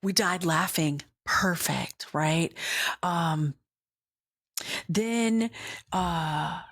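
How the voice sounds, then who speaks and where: Middle-aged woman, podcast host; animated rambling storyteller, dry voice with no room sound. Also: lowish voice, very slow, breathy edge, no room sound. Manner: animated, rambling, acts out dialogue with whispered asides. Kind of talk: casual storytelling monologue.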